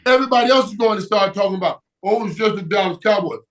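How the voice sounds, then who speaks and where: Man, high voice, emphatic, repetitive, laughing sports talk. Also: quick pace. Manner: emphatic, repeats words, shouts for emphasis, laughs often. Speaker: guest.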